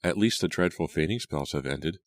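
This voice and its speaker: A man voicing a grief-stricken young woman in an audiobook, raising his voice high and strained. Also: lively intonation, a little fast, no room sound. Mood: subdued. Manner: high, strained, near shrieking. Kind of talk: audiobook character voice.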